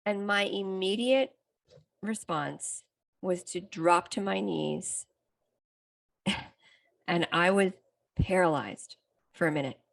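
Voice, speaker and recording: Gravelly-voiced woman telling a personal story. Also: fairly low pitch, slow pace, pauses often. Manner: candid, reflective, talks through a story with restarts. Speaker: psychotherapist and podcast host. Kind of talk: personal story in a self-help podcast.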